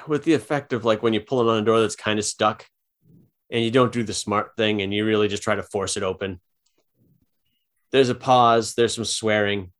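A man narrating an improvised tabletop game as game master, in a loose, casual way with many fillers. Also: medium pitch.

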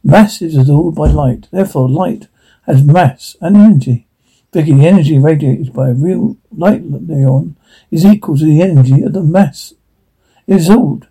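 A man's voice: a little high, moderate pace, warm tone, slightly rough, poor audio. A man reading as a fussy old time traveller. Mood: lecturing. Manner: fussy, condescending, technical. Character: elderly eccentric male time traveller, fussy, lecturing.

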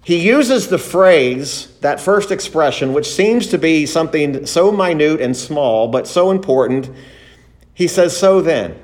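A man preaching a sermon and reading scripture, slow and deliberate, stressing single words and asking rhetorical questions. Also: a little high, lively intonation, a little mellow.

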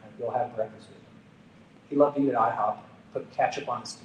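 Delivering a storytelling sermon in a church gathering room, a pastor recounts something personal in a sincere, conversational tone. His mid-range voice is steady and fairly quick, with a little hiss or hum. The audio sounds roomy, with the mic far away.

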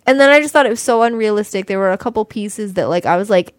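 A young woman co-hosting a podcast, ranting in casual chat with animated sarcasm and frequent swearing. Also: medium pitch, fast, no room sound. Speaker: podcast co-host.

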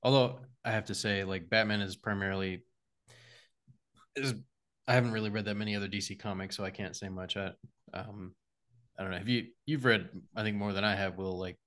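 Rambling low-voiced man in casual movie chat. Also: fairly quick. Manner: rambling, animated when joking, many fillers. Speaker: podcast co-host.

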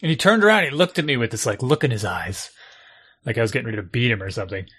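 A middle-aged man and youth coach telling stories in a casual chat, acting out the lines he yelled. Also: medium pitch, racing, slightly rough. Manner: animated storyteller, acts out yelled lines. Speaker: youth sports coach and parent.

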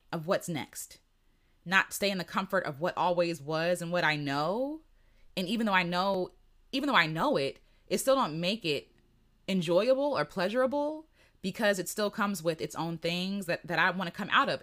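A woman hosting a creative retreat stream, talking in an earnest, conversational way about slowing down, with lots of "like" and restarts. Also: on the low side, sharp tone. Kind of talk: reflective casual livestream talk.

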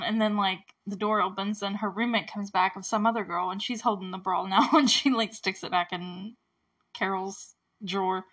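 A young woman talks through a movie scene by scene in a loose, casual way. She giggles often and leans on filler words as she goes. Her voice sits at an everyday middle pitch. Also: normal speed, fairly bright tone. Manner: chatty, giggly, many "like" fillers. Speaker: movie review host.

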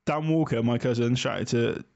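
A man co-hosting a podcast, swearing and calling his co-host mate in quick rants. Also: mid-range voice, creaky, a little mellow, muffled recording. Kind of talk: casual banter. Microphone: remote call.

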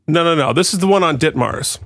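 A man co-hosting a casual podcast, with a Boston accent. His pitch leaps around as he jokes and laughs easily, and the sound is close and dry with no room echo. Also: brisk. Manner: animated, jokey, laughs easily. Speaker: podcast co-host.

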